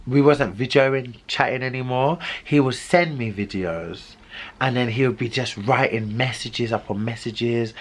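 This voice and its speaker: Young male vlogger, mid-pitch, lively storyteller who acts out the dialogue. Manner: animated, dramatic retelling with quoted dialogue. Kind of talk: storytime vlog.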